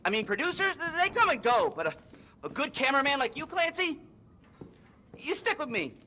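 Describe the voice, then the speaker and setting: A man's voice: very high voice, sing-song, a little fast, sharp tone, a little hiss or hum, full character voice. An actor playing a crude, sarcastic male TV host in a video game, swearing freely. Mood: agitated. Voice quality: sarcastic, profane. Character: brash crude male TV host, middle-aged. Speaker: TV show host.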